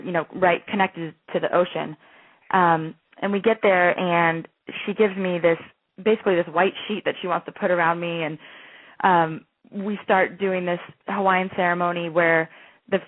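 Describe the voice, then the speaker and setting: A woman's voice: on the low side, dry recording. A woman in her thirties, a guest telling a long personal story over the phone in an earnest, gushing way, full of restarts and fillers. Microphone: telephone. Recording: tinny dry phone line.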